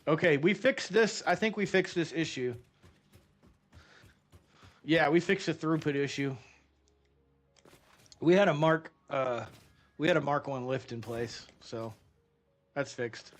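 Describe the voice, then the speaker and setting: Man, middle-aged, slightly high voice, game streamer, casual rambling storyteller, animated. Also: slow pace, pauses often. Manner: rambling and animated, many fillers. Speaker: gaming streamer.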